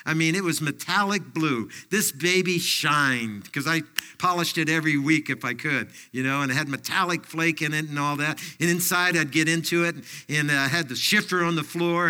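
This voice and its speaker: An older pastor preaches a folksy sermon in a voice on the high side, pushed and bright, clear and resonant. He leans on anecdotes and personal stories, frequently dropping in fillers.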